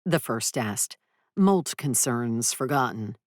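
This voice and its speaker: Very deep-voiced woman narrating audiobook. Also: expressive, slow pace, no room sound, clean studio sound. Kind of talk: scripted first-person narration.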